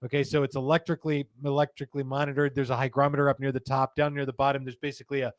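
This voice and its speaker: A man's voice: mid-range voice, level tone, very fast, no room sound. A man hosting a live show, chatting in a casual, joking way and reading viewer comments aloud, indoors in a studio room. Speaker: host of a live cigar show. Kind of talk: casual live-stream chat.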